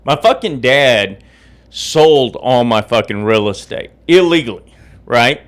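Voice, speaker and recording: Agitated profane man, lively swooping voice. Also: mid-range voice, takes it slowly. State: just woke up, drinking coffee. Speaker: podcast host. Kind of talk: angry personal podcast rant.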